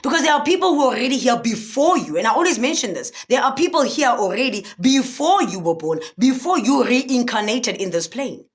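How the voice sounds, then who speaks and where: Brief: young woman, spiritual motivational speaker live with her viewers, high, lively voice, preachy and chatty. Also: brisk, hardly any pauses. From South Africa. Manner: animated, preachy, often asks if listeners understand. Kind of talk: livestream talk with viewers.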